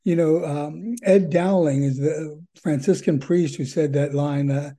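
Dark, husky-voiced older man sharing testimony. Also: a little high, steady tone, a little slow. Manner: earnest, rambling with frequent fillers and repeats. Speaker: recovery meeting speaker. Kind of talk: personal testimony.

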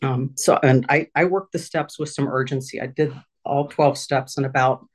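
A middle-aged woman giving a candid personal share at a recovery meeting from her office, halting with fillers and restarts. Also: rumbling low, steady tone.

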